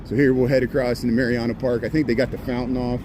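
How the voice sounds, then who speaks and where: Flat and fast, a man's medium-pitched voice runs through loose, chatty commentary as he walks city streets for a live stream. Sarcastic asides pop up, the phone is handheld, and street noise with passing cars fills the background.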